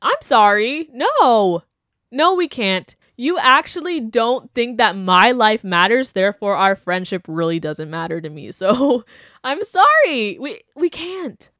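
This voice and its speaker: A woman's voice: on the high side, sing-song, slow pace, fairly bright tone, no room sound, clean studio sound. A young woman hosting a podcast, talking bluntly and animatedly in casual opinion chat, mocking the people she quotes. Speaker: podcast host.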